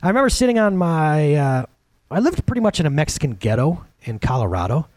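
A man in his thirties preaching a sermon, animated, jumping between loud peaks and quiet, hushed asides. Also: fairly high pitch, fairly quick, no echo. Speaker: pastor.

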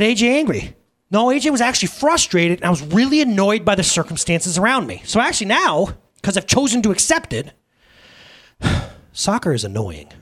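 Preaching in a high-pitched voice, a pastor in his thirties gives a relaxed, comic sermon at church. He's an animated, jokey storyteller who keeps making asides to the congregation.

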